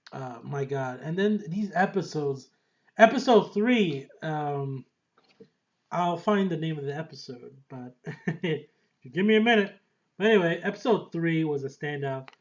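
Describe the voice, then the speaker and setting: A man casually reviewing a TV series in a rambling, excitable way, often laughing and trailing off with fillers. The recording is dull and lo-fi. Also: fairly high pitch. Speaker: TV show reviewer.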